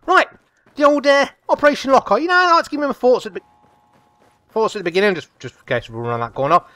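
A man giving chatty, excitable live commentary over a shooter game as a gaming channel host. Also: very high voice, quick pace, no echo. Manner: chatty, excitable, repeats come on and whoa. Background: faint game gunfire.

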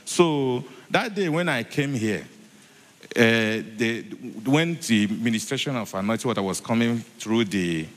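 A man giving a church testimony, halting, repeating himself and filling with many hesitations. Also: mid-range voice, animated. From Nigeria. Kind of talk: spoken testimony. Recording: echoey church hall.

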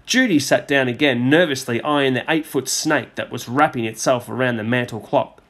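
A man teacher reading a storybook aloud to a class, measured and expressive. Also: mid-range voice.

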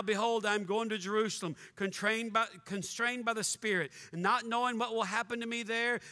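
A high-voiced male pastor preaches with a bright, cutting edge, his words ringing through a long church hall reverb. He is animated and mock-angry, throwing jokes at his congregation. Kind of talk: fiery sermon. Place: church sanctuary.

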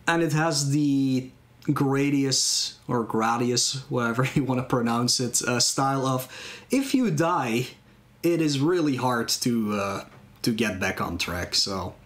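A man casually explaining a video game as he plays it live, chatting with viewers between moves. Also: medium pitch. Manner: relaxed, explains as he plays, glances at chat. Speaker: speedrunner. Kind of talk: live commentary while playing. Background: game music.

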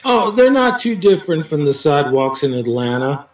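A man, a poet, telling stories as an interview guest in a halting way, with many restarts and dry teasing. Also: fairly high pitch, big pitch swings. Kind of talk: casual storytelling interview. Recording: roomy, distant, dull sound with faint music.

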